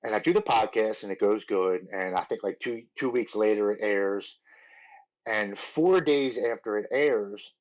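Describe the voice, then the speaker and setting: A man in his forties with a lowish voice shares his story as a podcast guest. He talks earnestly and in a rambling way, full of "like" and restarts. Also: dull audio. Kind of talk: telling his recovery story.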